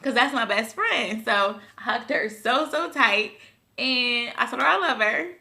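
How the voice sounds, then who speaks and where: A young vlogger from Buffalo, New York, tells her viewers a casual story in a slightly high, unhurried voice with vocal fry and a sharp tone. Chatty and emotional, she frequently calls them "y'all."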